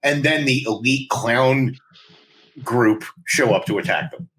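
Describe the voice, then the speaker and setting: A man's voice: medium pitch, measured pace, a bit bright, rough recording. A man co-hosting a podcast, chatting casually about a movie, acting out lines and laughing often. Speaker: podcast co-host. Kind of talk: casual movie-review chat.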